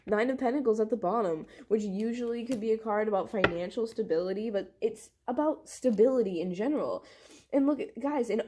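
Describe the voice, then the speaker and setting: A young woman doing a casual tarot reading to camera, excitable and gushing, with lots of "like". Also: mid-range voice. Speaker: tarot reader.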